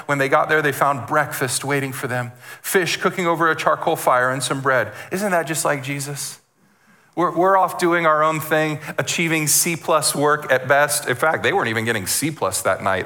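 A man preaching as a guest speaker, animated, repeating words and acting out the voices he quotes. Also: on the high side. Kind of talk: sermon.

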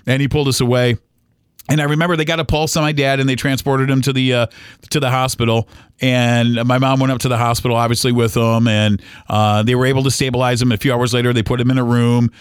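A man in his forties tells a personal story on a podcast, his voice sitting at an ordinary middle pitch. He speaks earnestly and haltingly, often pausing on fillers and starting his sentences over. The recording is close and dry. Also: level tone, smooth, dry recording. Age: 40s. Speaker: podcast host.

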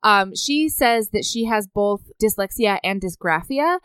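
A woman co-hosting a podcast, chatting casually about a book and reading quotes aloud with animated voices. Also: medium pitch, a little slow, clean tone, no echo. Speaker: podcast co-host. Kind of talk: casual book-club chat.

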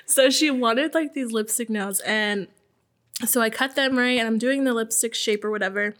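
Chatty laughing woman, higher voice. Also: normal speed, a bit bright. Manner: chatty, laughs often, swears freely, many likes. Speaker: nail tech guest. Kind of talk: casual podcast storytelling.

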